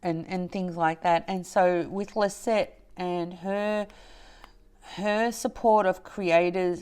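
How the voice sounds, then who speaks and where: Slow-talking, teary woman vlogger. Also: fairly low pitch, clear, resonant tone. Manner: slow, halting and tearful, many restarts and soft laughs. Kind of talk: emotional casual chat to camera.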